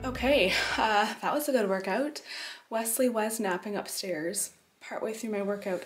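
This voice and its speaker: A woman's voice: mid-range voice, normal speed. A woman vlogging casually at home, chatting and explaining what she is doing as she goes. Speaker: homeschooling mom vlogger. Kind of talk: casual day-in-the-life vlog narration. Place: home kitchen. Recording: echoey room.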